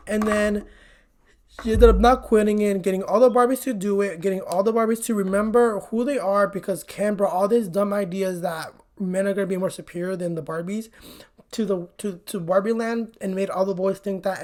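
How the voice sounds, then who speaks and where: Woman vlogger, casual movie recap, blunt and chatty with frequent swearing, mid-pitched voice. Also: normal speed, darkish tone. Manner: chatty and blunt, swears often, says "like" a lot.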